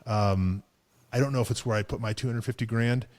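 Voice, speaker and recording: A man's voice: medium pitch, steady tone, a little fast, a little mellow. A man co-hosting a car show, chatting casually with lots of fillers, restarts and chuckles. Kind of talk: casual chat.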